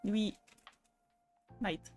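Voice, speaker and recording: A woman's voice: drawn-out words, darkish tone, soft background music. A woman chatting casually on a live stream, laughing often, swearing now and then and switching between languages.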